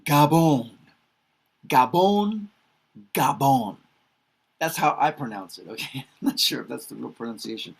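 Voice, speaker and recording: A man's voice: mid-range voice, animated, fast, gravelly, pushed and bright, slightly rough. A man teaching pronunciation in a casual lesson, saying each word two or three times with chatty asides and laughing at his own slips. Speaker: English teacher.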